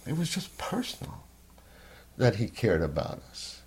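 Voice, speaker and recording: An older man telling a personal story in a candid, rambling way, at times sinking to a soft near-whisper. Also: fairly low pitch, wildly swooping pitch, unhurried. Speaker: interviewee.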